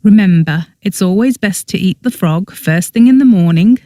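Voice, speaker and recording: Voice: mid-range voice, lively intonation, normal speed, dark tone, no room sound, studio quality, natural voice. Narrator doing a cheerful, teasing young woman. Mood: encouraging. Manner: light-hearted, teasing.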